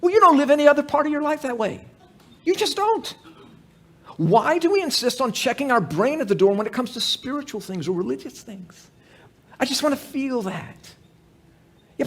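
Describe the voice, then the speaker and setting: A man's voice: extremely high pitch, big pitch swings, fairly quick, husky. A man preaching a sermon as pastor at an evening church service, conversational and joking, full of rhetorical questions.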